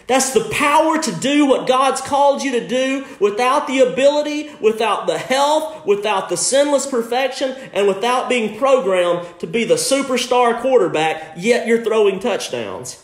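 Pastor guy preaching hard, pitch all over the place, roomy echo. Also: animated, normal speed, hardly any pauses. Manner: impassioned preaching with shouts and laughs. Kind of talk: sermon. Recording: echoey room.

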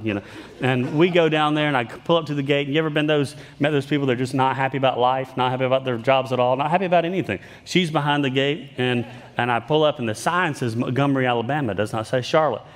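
A man's voice: medium pitch, fast. A man preaching a sermon in a conversational, self-deprecating way, in a church sanctuary. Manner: conversational, self-deprecating humor, frequent restarts. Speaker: pastor. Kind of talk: sermon with storytelling. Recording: long hall reverb.

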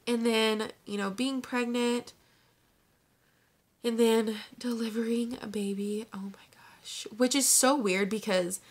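A woman's voice: medium pitch, a bit bright. A woman in her twenties vlogging to her phone camera, chatty and gushing, filling her talk with "like". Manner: bubbly, gushing, says "like" constantly. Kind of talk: casual chat to camera.

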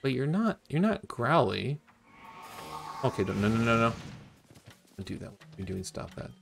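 A man streaming a video game, talking casually and getting excited about each new find. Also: mid-range voice, normal speed, gravelly, over music. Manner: excitable, gasping and laughing at new discoveries. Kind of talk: casual gameplay commentary.

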